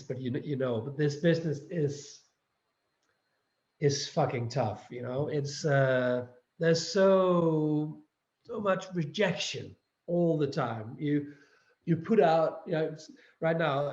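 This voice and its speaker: A Danish man with a slightly high voice, talking English with a Danish accent in a relaxed interview. He stops and starts, repeating words as he searches for them. The audio is roomy and a little muffled. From Denmark. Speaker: guest actor. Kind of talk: casual interview chat.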